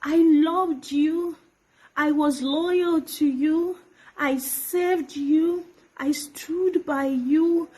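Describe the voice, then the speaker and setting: High-voiced Nigerian woman, pleading and accusing. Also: mellow, rough recording. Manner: pleading and accusatory, drops to whispers. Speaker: actress addressing her former pastor. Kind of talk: emotional direct-to-camera video message. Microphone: phone camera.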